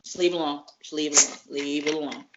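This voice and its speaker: A woman, a professional wrestler, telling stories in a casual interview, animated and profane, acting out each exchange. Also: sits low, fast talker, slight background noise. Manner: animated, profane, acts out dialogue. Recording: muffled lo-fi recording.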